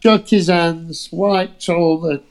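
Gravelly British man telling rude stories. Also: a little high, slow. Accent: British English. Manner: swears freely, lively storyteller. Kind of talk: casual anecdote.

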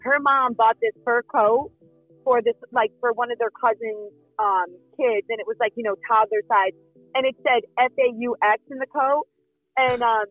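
A woman, a reality show cast member, answering interview questions in a chatty, animated storytelling way with lots of fillers. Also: on the high side, moderate pace, dry recording, soft background music. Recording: dull lo-fi sound.

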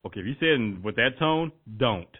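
A man's voice: medium pitch, lively intonation, brisk, a little hiss or hum. A man chatting as a host, telling stories bluntly and laughing often. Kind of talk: casual profane chat. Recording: tinny phone-like dry sound.

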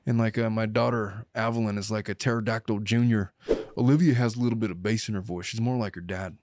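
A man's voice: lowish voice, steady tone, fast, noisy background. A middle-aged man co-hosting a podcast, chatting casually and joking, with many restarts. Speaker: podcast co-host. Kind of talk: casual chat.

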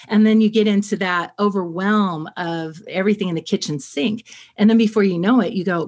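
A woman therapist explaining ideas in conversation, steady and clear, acting out quick examples. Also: medium pitch.

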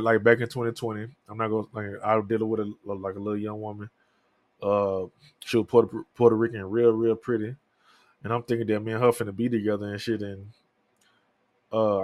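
A man's voice: on the low side, no room sound. A man in his thirties hosting a podcast, talking alone in a candid, profane, rambling way. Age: 30s. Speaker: podcast host. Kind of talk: casual solo talk.

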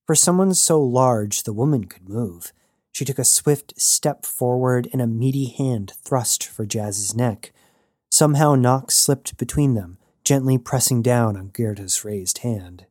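A man narrating a science fiction story in an even storytelling read. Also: medium pitch, a little slow, no echo, studio quality. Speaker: audiobook narrator. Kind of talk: scripted narration.

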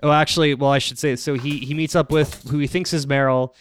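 Chatty man with a smooth voice. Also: fairly high pitch, steady tone, fairly quick. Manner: loose and rambling, full of fillers and laughs. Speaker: podcast host. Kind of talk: casual recap chat.

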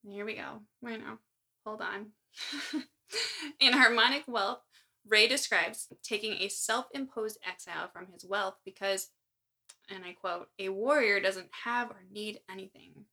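A woman's voice: mid-range voice, measured pace, pushed and bright. A woman co-hosting a podcast, recounting a story from her notes with wry asides. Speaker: podcast co-host. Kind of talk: casual chat, reading from notes.

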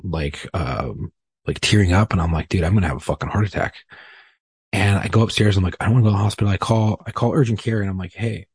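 A man's voice: deep voice, husky. A man telling a personal story in a casual, rambling, profane way, often poking fun at himself. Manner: profane, rambling, self-deprecating. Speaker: podcast guest.

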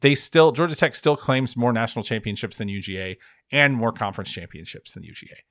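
A man's voice: mid-range voice, fast, a bit bright, no room sound, clean studio sound. A man co-hosting a sports podcast, chatting in a wry, rambling way and often correcting himself. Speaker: podcast co-host. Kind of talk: casual sports chat.

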